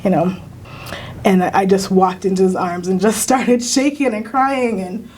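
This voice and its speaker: A woman's voice: medium pitch, fairly even intonation, slight background noise. Earnest American woman telling a hard story. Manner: halting, many restarts and fillers, soft and earnest. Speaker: union council president, teacher. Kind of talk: personal storytelling in a recorded conversation.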